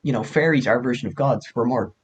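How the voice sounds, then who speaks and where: A young Irishman, telling old legends on a casual podcast. He is animated and profane, laughing often and swearing freely as he goes. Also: mid-range voice, fast, muffled recording, slight background noise. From Ireland. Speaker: podcast co-host. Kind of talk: casual storytelling chat.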